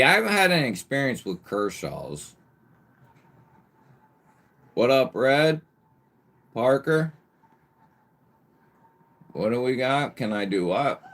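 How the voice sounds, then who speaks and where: A man hosting a casual live stream, greeting viewers by nickname with lively bursts of emphasis and the odd swear word. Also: mid-range voice. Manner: occasional mild swearing. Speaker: livestream host.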